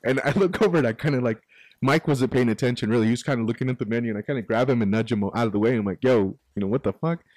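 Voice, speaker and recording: A man's voice: mid-range voice, racing, no room sound. A man co-hosting a podcast, telling a story in a casual, profane way and acting out the quotes as he goes. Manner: animated, profane, acts out quotes. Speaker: podcast co-host. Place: recording studio.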